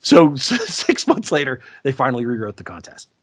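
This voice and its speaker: A man co-hosting a podcast, telling sales stories in a casual, animated way and acting out the people he quotes. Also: medium pitch, normal speed, no echo. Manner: animated, acts out quoted voices. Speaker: podcast co-host. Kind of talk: casual storytelling chat.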